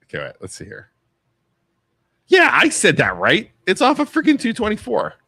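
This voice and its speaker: A man's voice: high voice, normal speed, gravelly, dry recording. A man co-hosting a local call-in podcast, bantering casually and laughing often. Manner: animated, laughs often, blurts questions. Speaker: podcast co-host.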